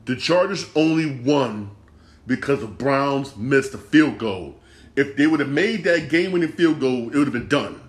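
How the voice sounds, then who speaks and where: A sports podcast host delivers a casual rant over a football defeat, swearing and going over the same ground repeatedly, clearly upset and disgusted. His mid-range voice moves at a moderate pace with lively intonation.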